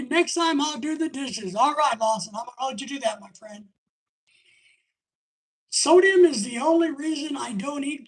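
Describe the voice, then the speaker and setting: A high-pitched woman with a husky, breathy edge hosts a casual live stream. She rambles in a chatty way and reads viewer comments aloud as she goes.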